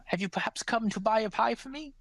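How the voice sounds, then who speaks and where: A man's voice: high-pitched, fast talker, creaky, a bit bright, no room sound, pitched above the performer's own voice, exaggerated voice. A man voicing an old female pie seller who is sweetly sinister, in a tabletop role-play. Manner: sugary, doting old-lady voice.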